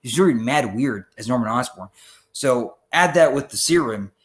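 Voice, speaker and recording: A man's voice: medium pitch, normal speed. A man talking as a podcast guest in a casual chat, rambling and profane, acting out voices as he goes. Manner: rambling, profane, animated, acts out character voices.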